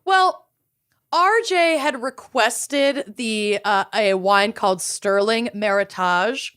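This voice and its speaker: A woman's voice: fairly high pitch, slow, fairly bright tone, clean tone. A woman co-hosting a casual podcast chat, playful and jokey. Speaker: podcast co-host.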